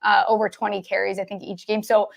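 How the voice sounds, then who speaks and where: A woman's voice: medium pitch, little pitch movement, fast talker, creaky. Female co-host, casual sports chat, mid-range voice, loose and rambling. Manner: chatty, rambling, lots of fillers like "like". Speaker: sports betting podcast co-host.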